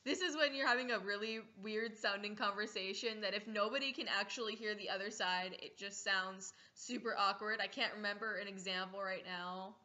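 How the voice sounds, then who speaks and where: A woman's voice: medium pitch, brisk, hardly any pauses, bright, forceful tone, lo-fi sound. A teenage girl vlogging casually in a playful, giggly way, acting out little scenes. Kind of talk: casual comedic vlog.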